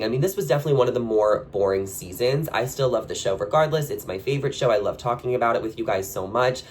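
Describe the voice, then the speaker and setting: A man hosting a reality TV commentary channel, talking casually and gossipily with lots of "like" fillers and sudden jumps in pitch on his questions. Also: quick pace, few pauses, slight background noise. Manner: chatty and gossipy, with frequent "like" fillers. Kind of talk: casual opinion commentary to camera.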